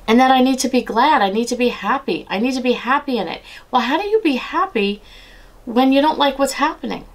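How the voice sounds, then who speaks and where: A middle-aged woman giving a personal devotional talk, earnest and conversational, slowing down and softening when she repeats scripture. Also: a little high, lively intonation. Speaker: devotional speaker.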